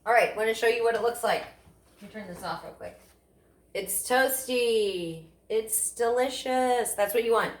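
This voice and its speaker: This cooking show host, whose family background is Italian, runs a relaxed demo in her home kitchen, talking at a normal pace in a voice on the high side. She's enthusiastic and talkative, asking herself questions and supplying the answers. The room echoes, with a bit of faint noise.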